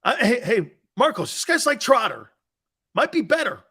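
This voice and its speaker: A man hosting a sports talk show, brash and loud, laughing a lot, swearing and answering chat comments. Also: extremely high pitch, big pitch swings, moderate pace, husky. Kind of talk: casual sports radio chat.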